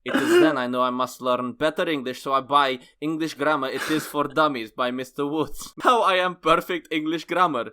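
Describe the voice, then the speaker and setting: A man's voice: moderate pace, hardly any pauses, sharp tone. A man putting on a boastful mock-Russian writer. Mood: proud. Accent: mock Russian accent. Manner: grandiose, rolling R's, booming laughs. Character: boastful male Russian immigrant writer, comically broken English.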